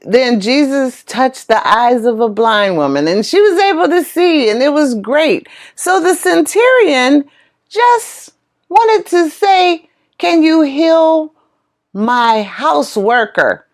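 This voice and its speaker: A middle-aged woman casually retelling a story in an animated way, exclaiming often. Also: high voice, slow. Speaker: vlogger.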